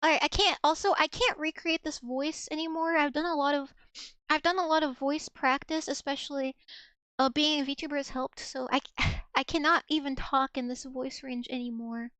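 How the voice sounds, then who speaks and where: High-voiced woman streamer rambling casually. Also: fairly even intonation, no echo. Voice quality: high, soft girlish voice. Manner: rambling, self-mocking, quick restarts. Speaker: VTuber streamer. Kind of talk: casual live-stream chat.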